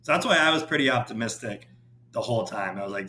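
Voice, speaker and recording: A man's voice: lowish voice, quick pace, a little hiss or hum. A man talking casually as a podcast guest, loose and rambling, full of "like" and asides. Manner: relaxed, rambling, heavy use of "like". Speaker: podcast guest, baseball writer.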